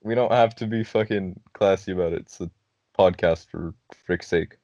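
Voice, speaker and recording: A man's voice: low-pitched, normal speed, mellow, no echo, lo-fi sound. A young man co-hosting a casual podcast, joking crudely and laughing often. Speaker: podcast co-host. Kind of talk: casual chat.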